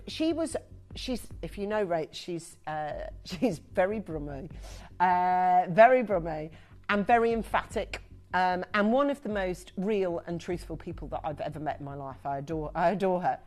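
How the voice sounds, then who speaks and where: A woman presenting on a shopping channel, chatty and emphatic in live sales patter. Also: medium pitch. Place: TV studio.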